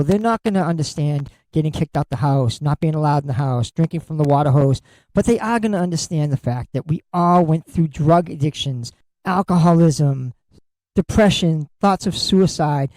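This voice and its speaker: A man's voice: sits high, dark tone, no echo, rough recording. A middle-aged man hosting a solo podcast, talking bluntly and candidly and swearing freely. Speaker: podcast host.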